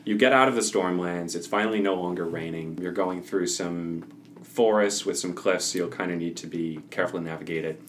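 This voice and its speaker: A man's voice: low voice, brisk. A man acting as game master, narrating a tabletop role-playing podcast in a laid-back way, with fillers and laughs.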